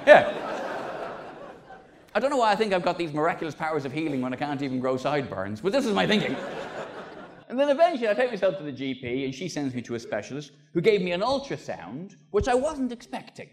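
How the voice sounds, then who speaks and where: A man's voice: a little high, very animated, fairly quick, slight background noise. A man in his forties doing a stand-up routine, telling a wry, self-mocking story with sweary punchlines. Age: 40s. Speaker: stand-up comedian.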